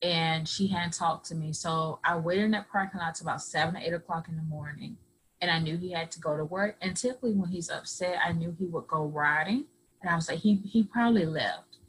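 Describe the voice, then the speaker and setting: A woman guest on a podcast earnestly tells her own story, acting out other people's lines as dialogue. Her voice is fairly low, brisk and fairly bright, though the audio is poor.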